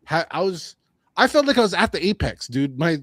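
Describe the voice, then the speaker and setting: A man co-hosting a combat sports podcast, talking in a casual, animated and opinionated way, often repeating his phrases. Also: on the high side, brisk, dry recording, clean studio sound. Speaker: podcast co-host.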